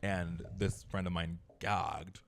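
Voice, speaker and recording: A man's voice: low-pitched, fairly even intonation, slow pace, creaky, slight background noise. A man co-hosting a podcast, telling stories in casual chat, chatty and full of fillers. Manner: chatty storyteller, filler-heavy. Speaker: podcast co-host.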